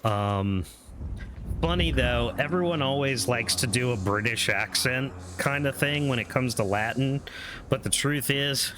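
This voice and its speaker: Slow, chatty male game streamer. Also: mid-range voice, slight background noise. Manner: chatty, relaxed, swears casually. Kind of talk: casual gameplay commentary. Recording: game music underneath.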